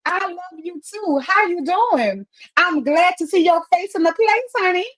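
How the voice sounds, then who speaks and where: On a live stream, a woman answers viewer comments through a wireless earpiece, offering upbeat encouragement and often repeating phrases for emphasis. Her voice is extremely high and a bit bright, with lively intonation and a slightly slow pace. It's motivational live-stream chat.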